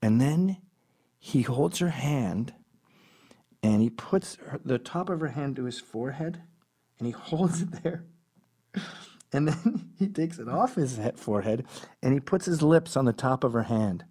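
A man telling a rambling comic story in a profane style, with deadpan asides. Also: mid-range voice, measured pace, pauses often, breathy edge. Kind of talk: comedic storytelling monologue.

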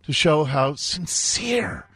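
A man's voice: animated, slow pace, a bit bright, slightly rough, no room sound. A man in his fifties hosting talk radio, mocking and sarcastic in his commentary. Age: 50s. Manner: sarcastic, mocking, swings in pitch. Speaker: radio host.

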